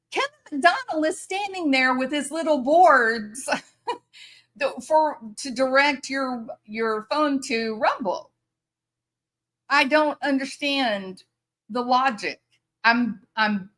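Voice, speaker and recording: A woman's voice: high-pitched, a bit bright. A woman commentator reacting to a news story, incredulous and sarcastic, often laughing in disbelief.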